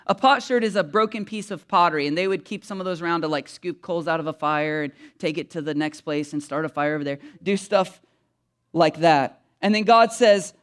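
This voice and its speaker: A man pastor preaching a sermon, animated, with emphatic repetition of key phrases. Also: a little high, brisk, clean tone.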